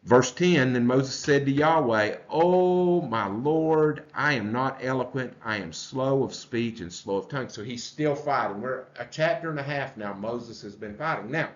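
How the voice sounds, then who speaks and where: A male pastor leading a church Bible study, explaining the text slowly and putting questions to the group. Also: mid-range voice. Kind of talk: conversational Bible study teaching. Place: church room. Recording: echoey room, dull lo-fi sound.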